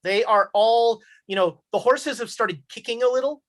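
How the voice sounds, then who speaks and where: A woman narrating a tabletop horror game as game master, halting with many fillers. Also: on the high side.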